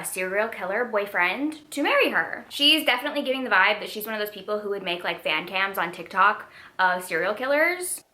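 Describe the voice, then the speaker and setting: A woman in her twenties reviewing books in a casual vlog, animated, expressive and chatty. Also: medium pitch. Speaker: book vlogger.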